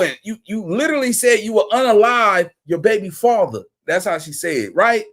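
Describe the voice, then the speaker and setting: A man hosting a commentary show, reacting to a clip in an animated, exclamatory, slangy way. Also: high-pitched, moderate pace, hardly any pauses.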